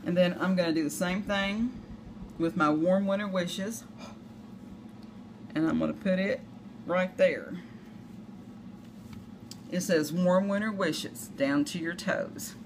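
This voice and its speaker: A woman's voice: on the low side, takes it slowly, pauses often. A woman with a Southern US accent, chatting through a crafting tutorial with rambling, self-deprecating asides. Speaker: craft demonstrator. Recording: noisy home recording.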